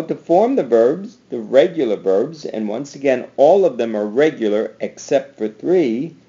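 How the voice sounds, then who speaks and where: A man's voice: mid-range voice, warm tone, dull audio. A man teaching a recorded slide lesson, drilling verb endings aloud and repeating them for the class. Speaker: Spanish teacher.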